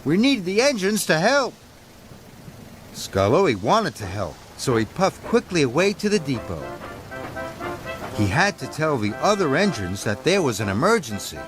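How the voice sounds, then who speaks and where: A man reads a children's storybook aloud, his voice mid-pitched for a man. His intonation is animated and sing-song, and music plays under the narration. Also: moderate pace. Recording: narration over background music.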